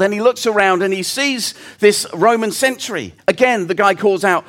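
A man's voice: sits high, moderate pace, few pauses, a bit bright. A man preaching a sermon, telling a story in an earnest, reflective way.

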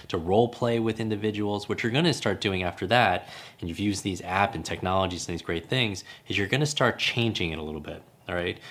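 A man's voice: on the low side, fairly bright tone. A man hosting a brain-training podcast as a coach, teaching energetically and repeating key phrases for emphasis.

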